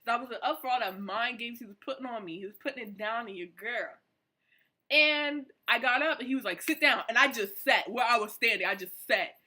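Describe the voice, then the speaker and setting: Bright-voiced young woman telling a story. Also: fairly high pitch, fairly quick. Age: young adult. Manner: animated, slangy, excited retelling. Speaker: vlogger. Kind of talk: casual storytime vlog.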